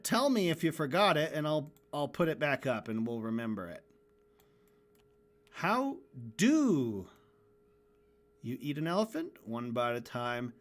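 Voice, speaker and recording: A man's voice: fairly high pitch, a bit bright. A man streaming while he animates, chatting casually, joking and swearing as he rambles through his work. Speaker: animator and livestream host. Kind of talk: casual livestream chat while working.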